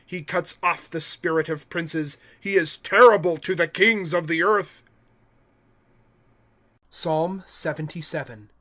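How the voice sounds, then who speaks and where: A man's voice: on the high side, a bit bright. Solemn man reading scripture aloud. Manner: measured, solemn recitation. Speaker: scripture reader.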